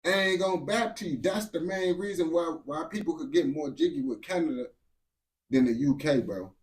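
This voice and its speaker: A man's voice: a little high, moderate pace. A man giving casual reaction commentary, blunt and profane, full of slang and repeated phrases. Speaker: reaction streamer.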